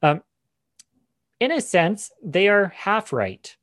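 A man's voice: high voice, big pitch swings, slow pace, a bit bright, no room sound. Man teaching scripture, dry close sound. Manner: explanatory, frequent fillers and restarts. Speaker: Bible teacher.

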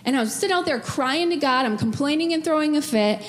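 Woman pastor, middle-aged, slightly high voice, emotional sermon, long reverb of a church hall. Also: expressive, fast talker. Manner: emotional, tearful at times, personal storytelling. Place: church sanctuary.

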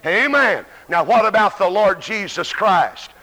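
A man's voice: high-pitched, expressive, measured pace, pushed and bright. A man with a Southern American accent preaching an emphatic revival sermon to a church congregation, stammering on restarts and calling out to his listeners. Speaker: evangelist preacher. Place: church sanctuary. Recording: live church recording with long reverb.

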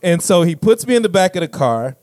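A young man spins a story in relaxed chat, laughing and acting out each voice. His pitch is a bit high and swings widely. The sound is close and dry. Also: a little fast, dry recording. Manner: animated storyteller, laughs often, acts out quotes.

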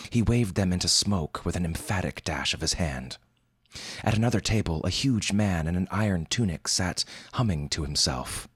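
A man's voice: low-pitched, husky, no room sound. A man narrating a humorous fantasy story in a wry, formal storytelling manner. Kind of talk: scripted fiction narration.

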